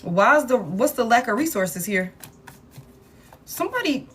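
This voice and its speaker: A woman's voice: a little high, animated, normal speed, husky. Blunt, cursing woman reading tarot. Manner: blunt and profane, thinking aloud while pulling cards; talks straight to her viewers. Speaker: tarot reader. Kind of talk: live collective tarot reading.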